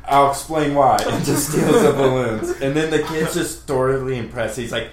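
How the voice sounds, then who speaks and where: Man, amused casual movie chat, quick laughs, roomy echo. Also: mid-range voice, noisy background. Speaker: podcast co-host.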